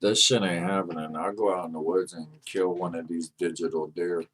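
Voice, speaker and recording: A man's voice: sits low, steady tone, moderate pace, noisy background. A man co-hosting a podcast in casual chat, ranting and joking with a lot of swearing. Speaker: podcast co-host.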